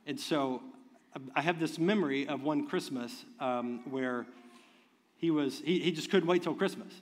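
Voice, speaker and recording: A man preaching a sermon as pastor, moving from soft, tender talk to loud, fervent preaching, with chuckles along the way. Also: on the high side, unhurried. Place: church sanctuary. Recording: long reverb of a large hall.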